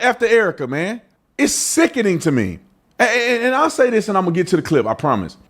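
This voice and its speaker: A man with an unusually high voice holds forth as a podcast host, his delivery impassioned and emphatic. He speaks in colloquial talk, with plenty of repetition, and his pitch swings widely. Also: fairly bright tone. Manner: colloquial speech. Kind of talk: opinion commentary monologue.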